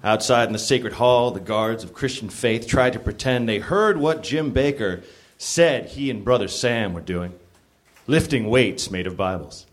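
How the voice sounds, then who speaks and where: A man's voice: mid-range voice, a little slow. A man comedian reading a raunchy story aloud to a live theater audience, stumbling and laughing now and then. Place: small theater stage.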